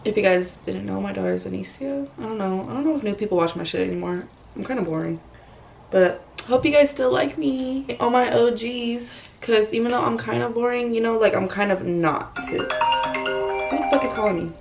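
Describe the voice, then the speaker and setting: A young woman with a fairly high, brisk, creaky voice and a darkish tone chats bluntly while doing her makeup, swearing and saying "like" constantly. She's a beauty vlogger filming a casual get-ready-with-me chat on a camera in her bedroom. Soft music plays behind her, and the audio quality is poor.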